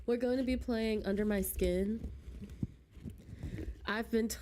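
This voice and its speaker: Woman streamer, chatty and giggly, slow and mellow, close desk mic. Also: fairly high pitch, steady tone, slight background noise. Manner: chatty, giggly, talks to chat. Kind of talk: casual game stream chat.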